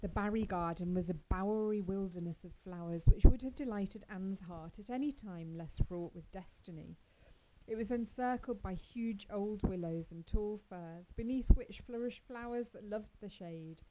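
A woman narrating a classic story in a measured, expressive storytelling manner. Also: mid-range voice, background noise. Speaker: audiobook narrator. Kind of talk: scripted narration.

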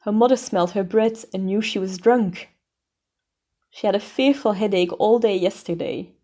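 A woman's voice: medium pitch, normal speed, mellow, natural voice. Woman playing a melodramatic tearful girl. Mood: plaintive. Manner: wailing, melodramatic. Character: dramatic, tearful young orphan girl.

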